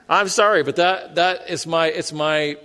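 A man's voice: fairly high pitch, pushed and bright, smooth. A man preaching a sermon as a pastor, conversational and self-deprecating, often laughing at himself. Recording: long hall reverb.

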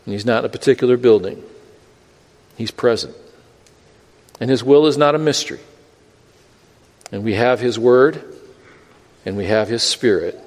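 A man's voice: mid-range voice, normal speed, long pauses, long reverb tail. A male pastor preaching a sermon, earnest and building through repeated phrases, often stammering. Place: church sanctuary.

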